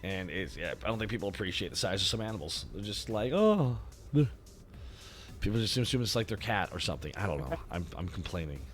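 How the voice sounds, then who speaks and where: Low-voiced Canadian man swearing casually. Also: animated, fast talker, hardly any pauses, a bit bright, faint music behind. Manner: swears freely, rambling with restarts. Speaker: streamer host. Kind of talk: casual chat.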